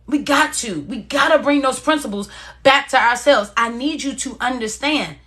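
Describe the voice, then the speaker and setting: A woman's voice: high-pitched, normal speed. A woman hosting a motivational live stream, encouraging viewers and reading their comments in a casual, repetitive way. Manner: encouraging, talks straight to viewers, repeats phrases; casual and warm-hearted, reads out viewer comments.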